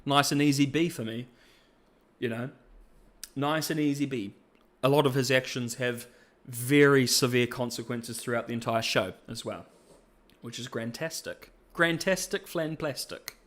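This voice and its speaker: A man's voice: mid-range voice, steady tone, normal speed, long pauses. A man hosting a podcast and reviewing characters in a chatty, jokey way. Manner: chatty and jokey, with playful asides. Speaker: podcast host. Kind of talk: casual podcast-style review.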